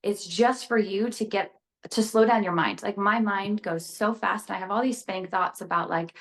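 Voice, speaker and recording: Speaking at a moderate pace, a young woman appears as a podcast guest; she's an actress and motivational speaker with a middle-range voice. Her casual, candid talk is lively, full of "like," with quick laughs between ideas.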